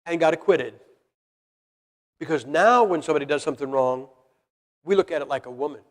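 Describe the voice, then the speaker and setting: A man's voice: fairly high pitch, fast talker. A man preaching a sermon to a congregation in a blunt, folksy way, firing rhetorical questions at them. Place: church hall with congregation. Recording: long reverb of a large hall.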